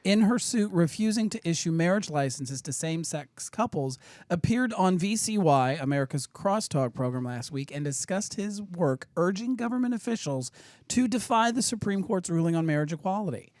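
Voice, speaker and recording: A man's voice: high voice, animated, normal speed, darkish tone, no echo. A man appearing as a guest on a talk show, chatting casually and reading news stories aloud with sarcastic asides. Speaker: actor guest. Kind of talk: casual chat.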